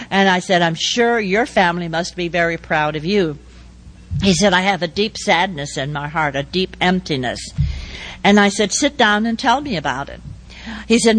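An older woman giving a speech, telling a personal story and acting out the dialogue in a measured way. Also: fairly low pitch, rough recording. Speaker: speaker.

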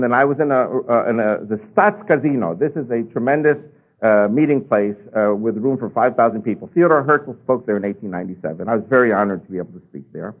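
A man tells his personal testimony with animated rises and drops in his voice. His tone is husky and slightly rough. The sound is thin and tinny, like a phone-line radio broadcast. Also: medium pitch. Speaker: speaker giving a testimony.

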